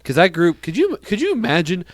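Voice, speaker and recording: A man's voice: high-pitched, wildly swooping pitch, fairly quick, dry recording. A young man co-hosting a casual podcast chat, rambling and restarting his sentences as he jokes around. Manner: rambling, restarts a lot, joking. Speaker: podcast co-host.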